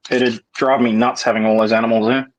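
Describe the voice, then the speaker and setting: A man's voice: mid-range voice, flat delivery, brisk. A man with an Australian accent chatting easily as a co-host on a livestream, with dry understatement. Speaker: co-host guest. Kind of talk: casual livestream chat.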